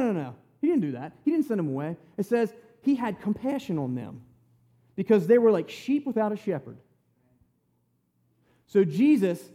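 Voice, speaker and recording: A man's voice: high-pitched, mellow. A man teaching a casual Bible lesson who often checks in with his listeners. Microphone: handheld or stand mic at close range.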